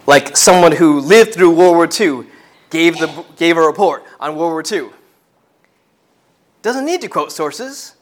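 Earnest male preacher, slightly high voice. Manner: earnest, repeats words and restarts, swings loud and soft. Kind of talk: sermon.

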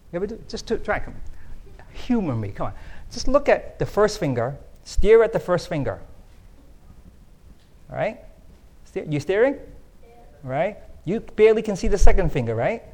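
A man's voice: on the high side, a little mellow. A middle-aged man, preaching a conversational sermon that keeps checking in with the audience. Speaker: pastor.

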